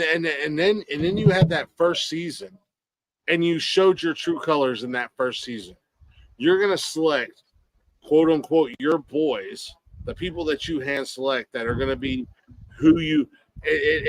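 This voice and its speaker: A man's voice: on the high side, normal speed, fairly bright tone, no echo. A man co-hosting a podcast in casual sports chat, profane and heated, stumbling over repeated restarts. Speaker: podcast co-host.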